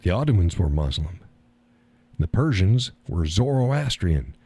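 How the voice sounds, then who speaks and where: A man's voice: sits low, sing-song, a little slow, mellow, breathy edge, no echo. A man hosting a live stream, chatting in a rambling, blunt way and laughing often as he talks. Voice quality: swears casually. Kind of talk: casual monologue chat. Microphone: audio call setup.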